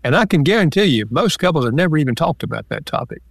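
A man's voice: fairly high pitch, very animated, quick pace, vocal fry, no room sound, clean studio sound. An older man, an author and marriage counselor, answering interview questions and acting out example phrases as he explains. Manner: explains in numbered lists with acted-out example quotes.

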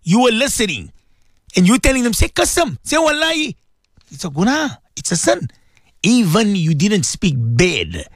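Emphatic high-voiced preacher man, lively. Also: normal speed, no room sound, studio quality. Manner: emphatic, repeats phrases, asks listeners questions. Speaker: Islamic preacher on radio. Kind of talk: radio sermon.

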